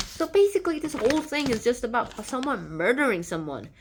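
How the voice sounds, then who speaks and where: A woman's voice: on the high side, sing-song, brisk, few pauses, slight background noise. Chatty woman retelling a story. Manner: chatty, rambling, filler-heavy. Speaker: book channel host.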